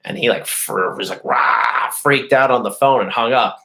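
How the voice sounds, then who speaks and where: A man with a mid-pitched voice, casually telling a boastful, profanity-filled story to his viewers. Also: moderate pace, fairly bright tone. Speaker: host. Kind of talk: casual storytelling to a live chat.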